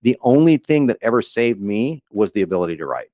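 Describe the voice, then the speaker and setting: A man giving an enthusiastic, rambling sales pitch on a webinar as a guest copywriter, with frequent restarts and laughs. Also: big pitch swings, fairly quick, mellow, dry recording, clean studio sound.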